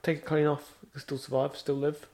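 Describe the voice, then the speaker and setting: Young male co-host, slightly high voice, hesitant delivery with fillers. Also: level tone, brisk, a little mellow. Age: young adult. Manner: hesitant, reads news items aloud with fillers. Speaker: podcast co-host. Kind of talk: casual chat.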